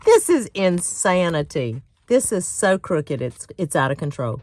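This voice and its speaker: A woman's voice: fairly low pitch, sing-song, unhurried, a little hiss or hum. A middle-aged woman hosting a casual crafting tutorial, chatty and self-mocking and often laughing. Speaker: craft channel host.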